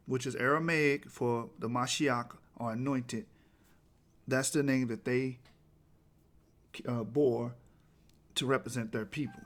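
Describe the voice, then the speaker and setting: Emphatic man lecturing over slides. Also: medium pitch. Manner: emphatic, rising to forceful peaks; reads quotes aloud, restarts words. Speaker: presenter.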